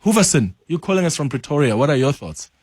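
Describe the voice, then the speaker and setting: A man's voice: fairly high pitch, sing-song, fast talker, darkish tone, husky, no echo, studio quality. A South African man hosting a talk radio call-in show, conversational and affirming as he moderates callers. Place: radio studio.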